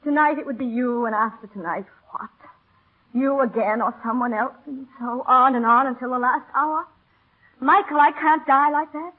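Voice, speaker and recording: An actress playing a doomed young heiress in a 1930s radio drama, swinging from teasing to tearful. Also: female voice, sits high, moderate pace. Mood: despairing. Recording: thin, phone-like old radio broadcast.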